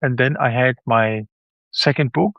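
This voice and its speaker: A man's voice: mid-range voice, unhurried, no room sound, lo-fi sound. A man with a German accent, native German speaker, chatting as a guest author in an interview and acting out quoted reactions. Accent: German, with some Swiss. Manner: animated, acts out quoted reactions. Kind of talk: casual interview chat.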